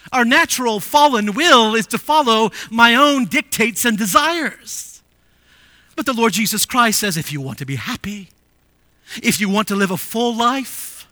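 A man preaching a sermon. He rises to emphatic declarations, drops to quiet asides and asks the congregation rhetorical questions. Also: high voice, no room sound. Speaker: pastor.

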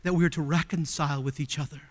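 A male pastor delivers an emphatic sermon full of rhetorical questions, shifting between loud appeals and hushed tones. His voice is a little high and steady in tone, he speaks fast, and a long reverb tail trails his words.

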